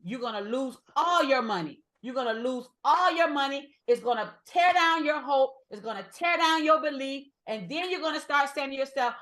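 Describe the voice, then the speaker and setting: A woman's voice: high-pitched, expressive, normal speed, hardly any pauses, fairly bright tone. A woman teaching a trading class with energy, repeating her points and speaking straight to the group. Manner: emphatic, repeats points, addresses the group as y'all. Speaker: trading instructor.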